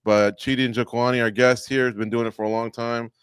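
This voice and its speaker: A man's voice: medium pitch, little pitch movement, brisk, clear, resonant tone, dry recording, studio quality. A man hosting a radio interview, friendly and joking, hyping up his guest. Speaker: radio show host.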